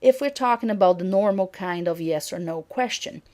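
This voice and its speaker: A middle-aged woman lecturing on intonation. She speaks clearly and at a measured pitch, and she acts out example sentences as she teaches. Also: a little mellow.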